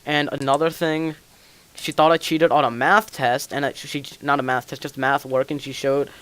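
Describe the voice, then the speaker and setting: A man's voice: on the high side, level tone, moderate pace, a bit bright, clean tone. A teenage man hosting a casual gaming podcast, rambling through school stories with lots of fillers. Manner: rambling storyteller, many fillers. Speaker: podcast host. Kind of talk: casual chat while gaming.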